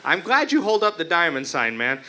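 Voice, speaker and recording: Profane stand-up comic, man from Utah, bright forceful tone, a touch higher than most. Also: big pitch swings, brisk. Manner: crude, profane, brash joking. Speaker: stand-up comedian. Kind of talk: stand-up comedy set. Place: open mic stage before a live crowd.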